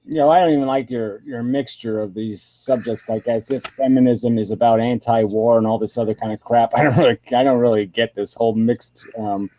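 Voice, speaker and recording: A man's voice: mid-range voice, fairly even intonation, brisk, few pauses, mellow, no echo. A man arguing politics bluntly and dismissively, swearing often and repeating himself. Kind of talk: heated political argument.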